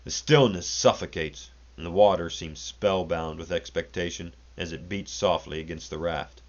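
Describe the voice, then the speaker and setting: A man with a very deep, low voice reads a classic story aloud at a measured, deliberate pace. The sound is dull and lo-fi, with the top end muffled. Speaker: narrator.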